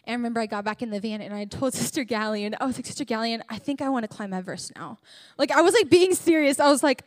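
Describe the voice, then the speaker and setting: A young woman with a fairly high voice gives a sermon that sounds like a story told among friends. She jokes, stays chatty and keeps turning to the congregation directly. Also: fast. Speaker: church speaker. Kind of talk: humorous sermon testimony.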